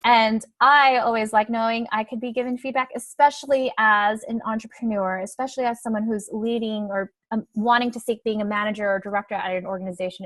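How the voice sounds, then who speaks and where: A woman's voice: fairly high pitch, no room sound. A young adult woman coach giving a webinar talk in a conversational way, often tagging her points with "right?" and "like". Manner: conversational, frequent "right?" and "like" tags.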